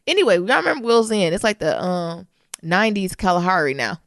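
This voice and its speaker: Lowish-voiced woman, playful podcast co-host. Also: animated, a little fast, a bit bright, no echo, clean studio sound. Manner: playful teasing, acts out voices in her stories. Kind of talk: casual chat.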